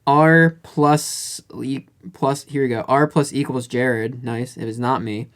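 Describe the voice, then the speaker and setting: A man's voice: medium pitch, level tone, slow. A man hosting a casual music podcast, joking around and reading out listener comments. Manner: jokey, reads out listener comments. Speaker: podcast host.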